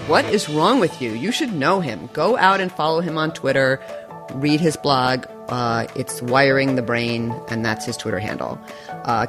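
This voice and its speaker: A woman hosting a podcast interview, speaking with enthusiasm and playful humor and laughing often. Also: deep voice. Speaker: podcast host.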